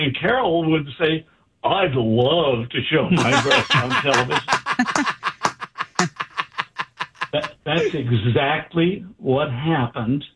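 Over a tinny, phone-like line with a noisy background, a doctor being interviewed tells an anecdote in a fairly high voice. He speaks slowly and pauses often, yet he's animated, acting out the quoted dialogue.

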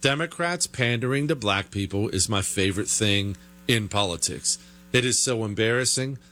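A man's voice: lowish voice, animated, moderate pace, sharp tone. A man hosting a political commentary show, delivering a sarcastic, emphatic monologue with frequent restarts. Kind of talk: opinionated monologue.

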